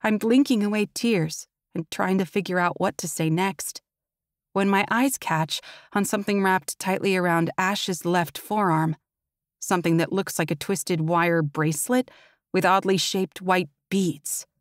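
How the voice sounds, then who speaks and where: A woman's voice: lowish voice, steady tone, measured pace, no echo. Woman narrating a tense audiobook, dry and close. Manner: tense, intimate first-person storytelling. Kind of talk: first-person audiobook narration.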